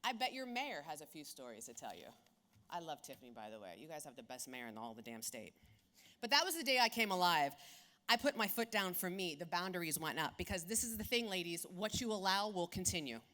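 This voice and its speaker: Woman, 40s, keynote storyteller, bright forceful tone, punchy and profane. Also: lowish voice, a little fast. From South Philadelphia. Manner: animated, blunt and profane. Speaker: keynote speaker.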